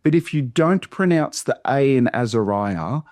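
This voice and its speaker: Australian pastor, mid-pitched, slow careful syllable-by-syllable workshop teaching, dry close sound. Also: male voice, expressive, a little mellow, no room sound. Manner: slow, deliberate syllable-by-syllable modelling. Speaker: pastor teaching Bible reading.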